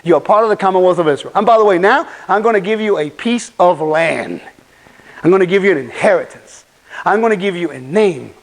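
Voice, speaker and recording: A conference speaker with a high-pitched, expressive voice preaches briskly and animatedly in a conference hall, posing rhetorical questions to the audience during his sermon. The audio quality is poor.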